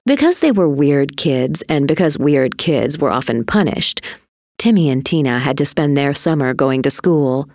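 A woman reading a children's story aloud in an expressive, deliberate storytelling manner. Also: deep voice, no room sound, clean studio sound. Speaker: narrator.

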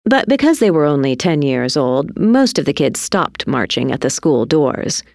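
Lady reading a kids story, low voice, swoops all over, dry close sound. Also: creaky, dry recording. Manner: slow and highly animated. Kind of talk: expressive storybook read-aloud.

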